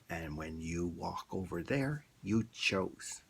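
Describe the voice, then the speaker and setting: A man with a very deep voice delivers a blunt, rambling rant at an unhurried pace. His tone is rough and gravelly throughout, and faint background noise sits under the voice. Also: expressive, fairly bright tone. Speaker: vlogger. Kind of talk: casual opinion monologue.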